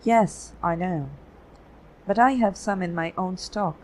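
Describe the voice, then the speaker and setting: An audiobook reader voicing a friendly, bearded foreign male photographer of about thirty, speaking in a polite, measured way. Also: mid-range voice, slight background noise, lightly acted, poor audio. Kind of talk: audiobook reading.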